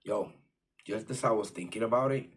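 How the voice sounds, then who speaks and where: Low-voiced man telling a street story. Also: moderate pace, breathy edge. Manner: profane street slang, lots of fillers. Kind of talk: casual storytelling.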